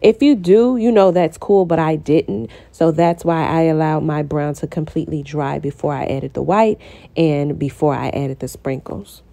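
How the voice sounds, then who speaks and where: A woman narrating her baking tutorial in a casual, chatty voice-over, talking straight to her viewers and getting excited. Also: low-pitched, normal speed, creaky.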